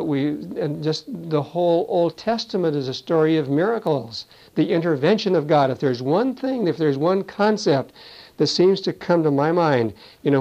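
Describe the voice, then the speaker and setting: Higher-voiced man preaching, lo-fi. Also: a little mellow. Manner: conversational, peppers talk with "you see" and "you know". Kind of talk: Bible teaching sermon. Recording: dull lo-fi recording.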